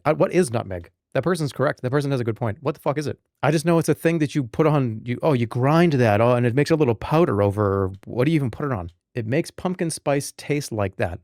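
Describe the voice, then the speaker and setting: A man in his thirties chatting casually to viewers on a livestream, joking and rambling with sudden loud outbursts. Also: medium pitch, no room sound, studio quality. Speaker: streamer.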